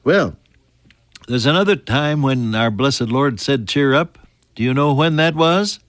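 An older man preaching a sermon. He rises to loud emphasis on scripture and drops to soft, near-whispered lines. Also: medium pitch, lively intonation, unhurried, dry recording. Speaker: pastor.

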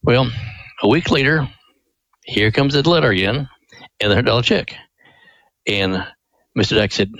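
A man's voice: medium pitch, lively intonation, normal speed, long pauses, a bit bright, dry recording, low-quality recording. An older man from Missouri and a guest on a Christian radio show tells his family's ministry story in an earnest, devout, folksy way. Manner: earnest, devout, acts out quoted voices.

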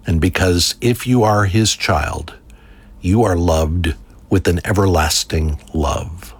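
Low husky guy preaching slow and solemn, measured devotional reading. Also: no echo.

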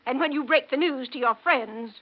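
A woman's voice: high voice, moderate pace. An actress playing a vengeful older woman in a 1940s radio drama, delivering cold, menacing threats. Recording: dull old radio recording.

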